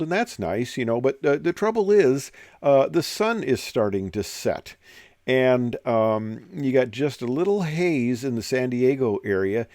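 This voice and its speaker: A man's voice: mid-range voice, a little mellow, no room sound, clean studio sound. An older man who flew as an airline captain tells stories from his career in a casual, rambling way, full of fillers and digressions. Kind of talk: casual storytelling.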